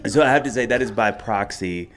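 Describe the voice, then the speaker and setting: A man's voice: lowish voice, fairly quick, a bit bright. A man, co-hosting a live podcast and telling a rambling, self-mocking comic story. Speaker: podcast co-host. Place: outdoor festival stage.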